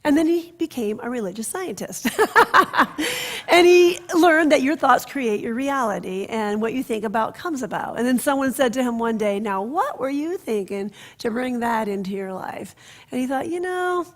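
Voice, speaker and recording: A woman minister giving a sermon, telling stories in an expressive way that drops to soft, hushed passages. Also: fairly high pitch, normal speed.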